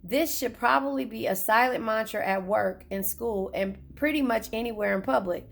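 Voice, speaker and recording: Gravelly-voiced woman giving a blunt tarot reading. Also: fairly high pitch, moderate pace. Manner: blunt, profane and chatty, talking straight to viewers. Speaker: tarot reader. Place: in a car.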